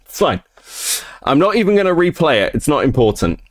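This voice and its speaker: A man's voice: on the high side, sing-song, a little fast. A man streaming live, ranting casually and profanely about online drama.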